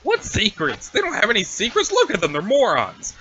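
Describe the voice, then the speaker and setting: A man voicing an aloof, sarcastic teenage boy in a webcomic reading, flat and swearing often. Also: sits high, fairly quick, highs cut off, slight background noise, heavily acted. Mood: irritated. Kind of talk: reading a webcomic aloud with voices.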